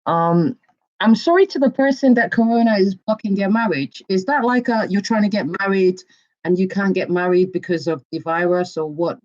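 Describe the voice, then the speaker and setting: A woman's voice: mid-range voice, moderate pace, darkish tone, muffled recording. A woman co-hosting a casual live stream, chatting and reading out viewer comments.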